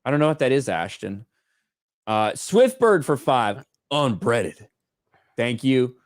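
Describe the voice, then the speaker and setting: A man's voice: medium pitch, big pitch swings, takes it slowly, no room sound, studio quality. A man co-hosting a casual livestream, reading out viewer donations and swearing offhandedly. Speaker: livestream co-host reading superchats.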